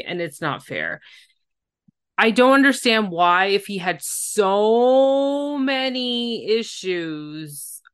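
A woman co-hosting a podcast, talking in a relaxed conversational way with frequent fillers. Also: medium pitch, clean tone. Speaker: podcast co-host. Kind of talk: casual reality-TV recap chat.

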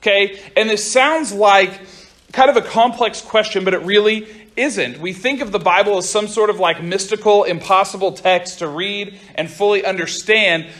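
A young man giving a casual youth sermon to a group, talking fast and chatty, often stopping to restart his sentences. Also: sits high, a bit bright. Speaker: youth pastor. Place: room with a group of listeners.

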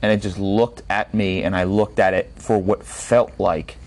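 A podcast host with a lowish man's voice, telling a story in casual chat. He keeps it loose and unscripted and swears freely as he goes. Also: steady tone, normal speed, a little mellow.

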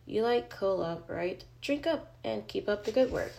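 A woman's voice: mid-range voice, lively intonation, normal speed, creaky, darkish tone. A woman voicing a charming, polite male teacher addressing his class.

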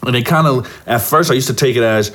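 A man co-hosting a podcast, talking in a laid-back, halting way and often repeating himself. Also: medium pitch, a bit bright. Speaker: podcast co-host. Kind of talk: casual chat.

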